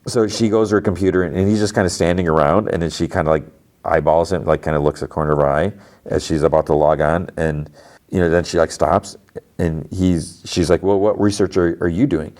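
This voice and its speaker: A man's voice: deep voice, fairly even intonation, brisk, a little mellow. A man hosting a podcast, casually recapping an episode in a rambling way, full of fillers and restarts. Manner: rambling, filler-heavy retelling with many restarts. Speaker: podcast host.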